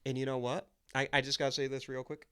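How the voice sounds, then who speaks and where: A man's voice: mid-range voice, flat delivery, bright, forceful tone, smooth. A man co-hosting a podcast, chatting casually and emphatically about a film, often restarting his sentences. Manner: enthusiastic, emphatic, with quick restarts. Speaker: podcast co-host. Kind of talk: casual movie chat.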